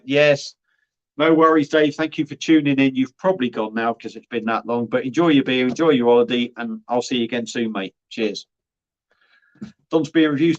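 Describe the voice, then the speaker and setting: Bloke chatting on a livestream, blunt and sweary, mid-pitched voice, kinda muffled lo-fi sound. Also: male voice, moderate pace, fairly bright tone. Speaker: beer reviewer and livestream host. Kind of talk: casual livestream chat, reading viewer comments. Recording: dull lo-fi livestream audio.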